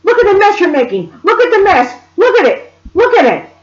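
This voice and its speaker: A woman's voice: very high voice, very animated, fairly quick, pitched above the performer's own voice. A woman voicing a frantic young mother who screams repeated orders at her children. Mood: frantic scolding. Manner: screeching, bossy, repeats orders. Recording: roomy, dull lo-fi sound.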